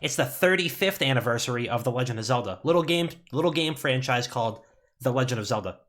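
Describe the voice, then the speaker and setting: A man's voice: medium pitch, quick pace. A man co-hosting a casual gaming podcast, telling rambling stories with plenty of swearing. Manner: animated, swearing, rambling storyteller. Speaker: podcast co-host.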